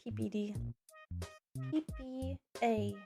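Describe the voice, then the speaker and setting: A young woman streamer reading forum posts aloud and reacting in a sarcastic, animated way, with sudden loud squeals. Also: on the high side, takes it slowly, creaky, soft background music. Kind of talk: casual reaction chat.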